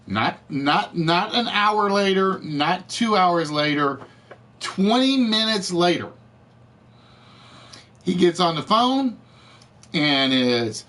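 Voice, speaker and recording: A man hosting a live game show stream, ranting to his chat in an animated, exasperated way, his voice cracking. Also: high voice, slow pace, long pauses. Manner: animated, exasperated storytelling with repetitions. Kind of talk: casual rant to live chat.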